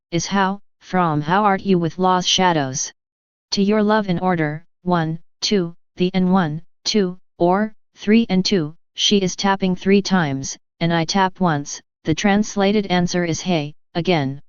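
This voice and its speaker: A woman narrating an audiobook, reading poems and their commentary in a measured, even voice. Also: fairly low pitch, smooth, no room sound. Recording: dull, lo-fi audio.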